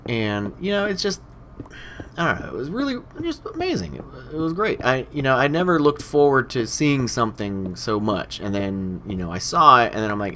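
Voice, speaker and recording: A man's voice: medium pitch, very animated, normal speed, sharp tone, a little hiss or hum. A young man hosting a game let's play, chatting casually while he plays and rambling with lots of "you know" fillers. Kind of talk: casual commentary while playing.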